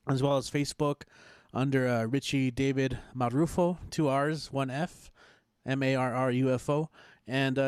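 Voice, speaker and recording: A man hosting an open mic over a video call, closing the show in a relaxed, grateful, rambling way. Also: fairly high pitch, clear, resonant tone, dry recording, studio quality. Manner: laid-back, grateful, rambling. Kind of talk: casual closing remarks.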